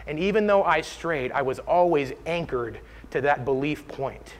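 A man's voice: a little high, expressive, normal speed. A man giving a heartfelt personal testimony as part of a sermon.

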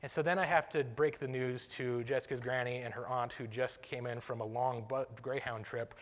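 A man's voice: medium pitch, quick pace, hardly any pauses, big-room sound. A man casually telling a personal story, self-deprecating, chuckling and restarting his sentences.

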